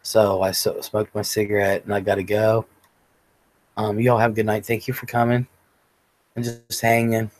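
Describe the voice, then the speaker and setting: A man's voice: fairly low pitch, monotone, normal speed, poor audio. A man hosting a casual livestream, telling rambling, profane stories and chatting with viewers. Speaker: livestream host.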